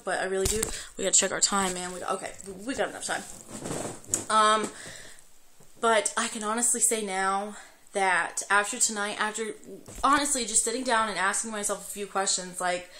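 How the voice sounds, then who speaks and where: A young woman vlogging at home late at night. She is tearful and crying as she talks, rambling and swearing freely, halting often with fillers. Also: medium pitch, bright, forceful tone. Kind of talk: emotional confessional vlog.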